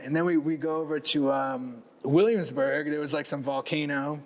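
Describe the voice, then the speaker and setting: A man's voice: on the high side, moderate pace, slight background noise. A man in his thirties from Cape Cod, a skateboarder guest telling stories in a casual interview, laid-back and swearing freely. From Cape Cod, USA.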